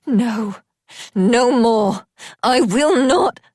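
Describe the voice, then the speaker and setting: A woman narrator voicing a frantic young heroine with fiery power, shouting desperately in an audiobook. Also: a little high, animated, extremely slow, dry recording, studio quality, pitched above the performer's own voice, exaggerated voice. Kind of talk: audiobook character voice.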